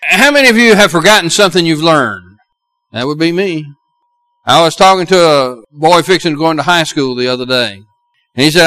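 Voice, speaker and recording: A man's voice: a little high, fairly quick, sharp tone, low-quality recording. A middle-aged man with a Southern US accent preaching a sermon as pastor, earnest and building to emphatic exhortations.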